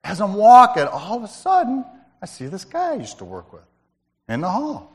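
A man telling a story from the front of a church, chatty and personal, calling out to people in the pews. His pitch is a touch high and swings widely as he talks. The sound carries a long reverb, as in a big hall. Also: huge pitch swings, moderate pace, husky. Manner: conversational storytelling, addresses listeners by name. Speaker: lay speaker at church. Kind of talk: sermon-style testimony.

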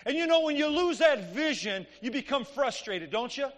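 Man, preacher, sermon, very high voice, conversational, church hall echo. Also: sing-song, moderate pace, fairly bright tone. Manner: conversational storytelling, asks the congregation "Amen?". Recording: long reverb of a church hall.

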